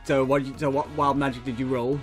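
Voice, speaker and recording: A man's voice: mid-range voice, level tone, fairly quick, soft background music. A man running a tabletop game as game master, rambling and laughing as he narrates. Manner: giggly, rambling, many restarts.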